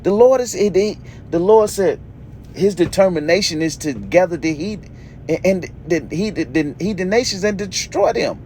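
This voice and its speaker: A man's voice: sits high, normal speed, darkish tone, a little hiss or hum. A man teaching a sermon, reading verses aloud and explaining them emphatically, checking in with "okay?" after nearly every point. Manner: emphatic, repeats "okay?" often, reads scripture aloud then explains. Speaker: preacher.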